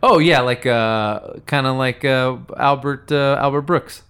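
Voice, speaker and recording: Man, podcast host, loose riffing chat, middle pitch. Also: a little slow, fairly bright tone, clear, resonant tone. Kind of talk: casual chat.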